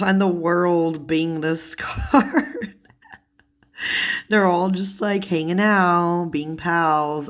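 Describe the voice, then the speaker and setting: Giggly low-voiced woman vlogger. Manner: giggly, laughs often while talking; chatty, with many fillers and casual swearing. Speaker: tarot vlogger. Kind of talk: casual vlog showing tarot cards.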